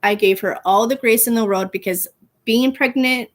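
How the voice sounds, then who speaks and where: A woman in her thirties hosting a casual pop culture podcast, chatty and animated, laughing often and using playful slang. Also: a little high, moderate pace. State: gets out of breath walking, pregnant. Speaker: podcast host.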